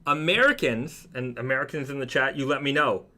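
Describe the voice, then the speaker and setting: Toronto accent guy on a brand livestream, rambly, lots of uhs, reads chat out loud. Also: medium pitch, brisk. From Canada. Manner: rambling with many fillers and restarts. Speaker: co-host of a brand live stream. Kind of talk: casual chat reading viewer comments.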